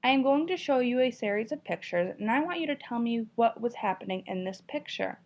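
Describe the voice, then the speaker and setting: A woman's voice: fairly high pitch, lively intonation, brisk. A woman teacher reading a children's story aloud with expression, then asking a class encouraging questions about it. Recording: dull lo-fi recording.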